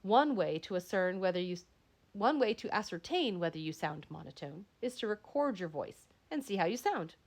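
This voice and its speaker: A woman's voice: medium pitch, lively intonation, normal speed. A woman instructor reading a textbook lesson aloud, with frequent slips and self-corrections. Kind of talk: lecture read aloud.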